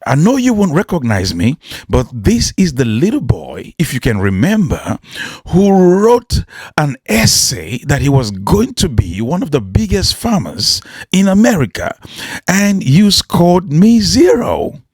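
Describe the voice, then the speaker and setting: A man's voice: fairly high pitch, huge pitch swings, unhurried, a little mellow, husky, no echo, heavily acted. A man doing a defiant schoolboy with a raised voice. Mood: firm. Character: schoolboy, then grown man, hopeful and defiant.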